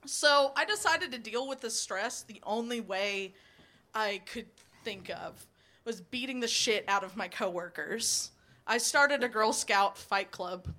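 A woman's voice: a little high, measured pace, pushed and bright. A woman in her twenties performing a stand-up comedy set, telling blunt, profane stories, chuckling between lines and rambling with fillers when she loses her place.

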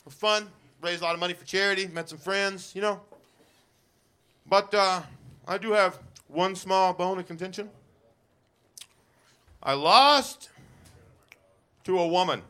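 Male stand-up comic, high-pitched and bright, loose self-mocking delivery. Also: unhurried, long pauses, smooth. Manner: self-deprecating, rambling with fillers. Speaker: stand-up comedian. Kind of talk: stand-up comedy set.

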